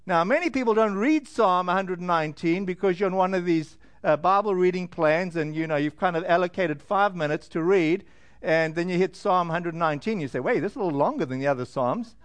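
High-voiced guy preaching, chatty and jokey, lots of uhs, dead dry sound. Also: clear, resonant tone, no echo. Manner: conversational and joking, with frequent fillers and slowed emphasis. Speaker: pastor. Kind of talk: sermon.

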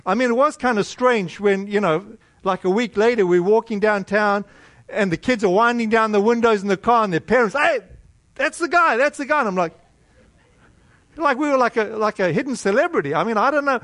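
Man, American accent, high voice, sermon storytelling, animated, conversational. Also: a little fast, no echo. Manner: animated, conversational, with many restarts. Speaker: preacher.

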